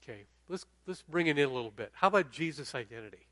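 A man's voice: fairly high pitch, lively intonation, fast, a bit bright, dry recording. A middle-aged man preaching a sermon in a conversational way, often checking in with the audience. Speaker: pastor.

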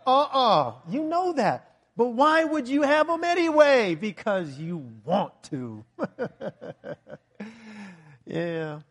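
A man with a strikingly high voice delivers a sermon. He is animated and joking, throws rhetorical questions at the congregation and breaks into loud bursts. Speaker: preacher.

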